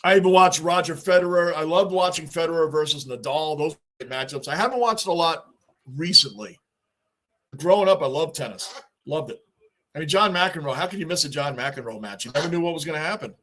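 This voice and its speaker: A middle-aged man talks casually on a livestream, reading chat messages and answering them. His voice sits a little high for a man. He rambles and circles back, repeating his points. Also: brisk, fairly bright tone. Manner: talkative, reads and answers chat, repeats himself. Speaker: livestream host.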